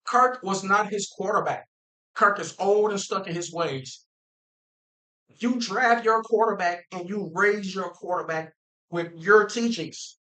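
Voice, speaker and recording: Talking directly to his viewers, a man delivers a casual, animated football rant, repeating himself and restarting phrases with emphasis. The audio is poor, and his high voice sounds pushed and bright at a measured pace.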